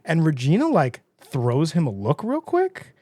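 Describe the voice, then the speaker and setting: Chatty man, slightly high voice, dry sound. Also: wildly swooping pitch, a little mellow, no room sound. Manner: chatty, laughs often, slips into quick voices of characters. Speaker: podcast host. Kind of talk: casual episode recap.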